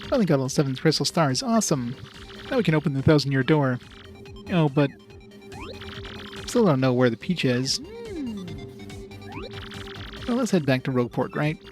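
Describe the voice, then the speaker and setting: A man's voice: medium pitch, animated, normal speed, pauses often. A man playing through a video game, joking wryly and reading dialogue aloud. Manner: wry, joking. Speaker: let's play host. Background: game music.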